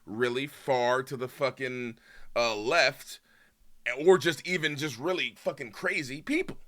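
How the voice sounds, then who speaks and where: A man streaming and reacting to a video in a heated, casual rant, swearing often and swinging between loud outbursts and low muttering. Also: measured pace. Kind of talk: casual ranting commentary.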